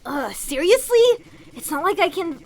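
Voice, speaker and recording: A woman voicing a loud, cursing angry young man. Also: high-pitched, big pitch swings, moderate pace. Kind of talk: reading game dialogue aloud.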